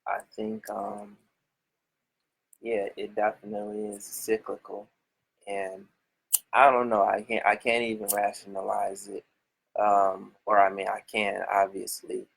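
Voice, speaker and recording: A man talking as a podcast guest, hesitant and measured as he speaks. His voice is low and gravelly with a husky edge. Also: flat delivery, a bit bright, poor audio. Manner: hesitant, measured, many fillers. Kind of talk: casual podcast chat.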